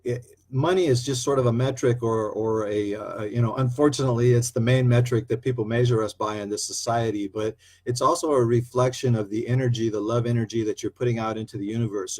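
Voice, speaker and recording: A man's voice: fairly low pitch, a little mellow. A man from Idaho talking casually to his viewers in an upbeat, rambling way, with an Idaho drawl. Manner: chatty, upbeat, loose with many uh fillers. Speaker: vlogger. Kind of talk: casual talk to camera.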